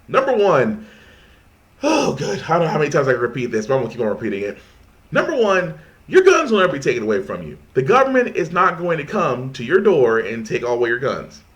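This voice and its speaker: Animated ranting male commentator. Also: on the high side. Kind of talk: casual commentary.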